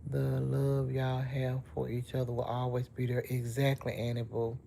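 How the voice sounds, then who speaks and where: A woman's voice: very deep voice, flat delivery, moderate pace, vocal fry, dark tone, slight background noise. A middle-aged woman hosting a livestream, chatting in a heartfelt, emotional way straight to her viewers. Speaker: livestream host. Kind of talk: casual livestream chat with viewers.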